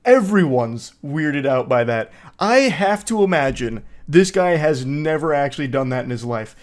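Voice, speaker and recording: A man doing reaction commentary, sarcastic and mocking as he riffs on a clip. His voice sits a bit higher than most men's. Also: lively intonation, normal speed. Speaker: commentary host.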